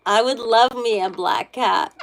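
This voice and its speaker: A middle-aged woman with a slightly high, creaky voice reads tarot on a livestream at a measured pace. As host, she chats casually with viewers, rambling and gushing and often restarting her sentences.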